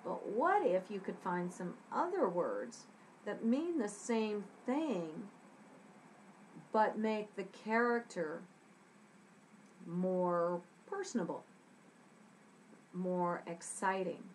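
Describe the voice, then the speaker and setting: A woman gives a scriptwriting lesson, taking her time and acting out little example lines in varied voices. She checks in often with a quick "okay?" A faint hiss sits under the recording. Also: mid-range voice, sing-song, poor audio. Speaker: scriptwriting teacher.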